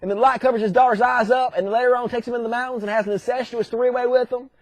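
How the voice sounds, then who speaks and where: Comic monologue: very high-pitched man, crude and irreverent, dry close sound. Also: steady tone, dry recording. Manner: crude, irreverent, profane retelling with quick voice switches.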